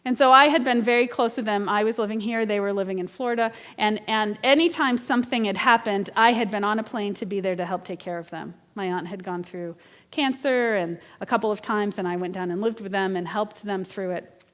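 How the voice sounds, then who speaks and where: A woman's voice: medium pitch, a little fast, fairly bright tone, long reverb tail. A woman minister delivering an earnest, conversational sermon with personal storytelling. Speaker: guest minister. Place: church sanctuary.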